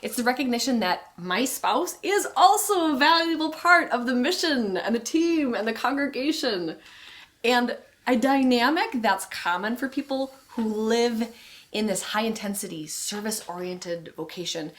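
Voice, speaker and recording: Higher-voiced woman teaching couples. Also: expressive, normal speed, fairly bright tone. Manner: conversational, laughs easily, addresses viewers as folks. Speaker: co-host of a couples course. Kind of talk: teaching a marriage course video.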